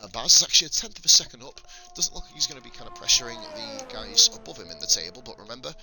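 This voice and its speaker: A man's voice: a little high, wildly swooping pitch, very fast, over music. Sweary man commentating sim racing live. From England. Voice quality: slight lisp. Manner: blunt, sweary, opinionated. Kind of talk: live stream race commentary. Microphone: desk mic.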